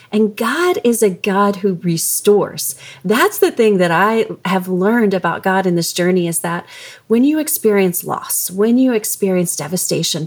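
A woman hosting a faith-based parenting interview, telling personal stories in an earnest, emotional way. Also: medium pitch. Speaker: podcast host.

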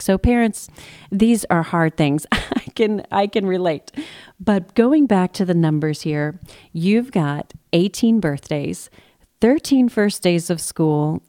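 A woman's voice: lowish voice, mellow, no room sound, studio quality. A woman, hosting a parenting show and telling stories in a chatty, encouraging way. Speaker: podcast host. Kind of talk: conversational show intro.

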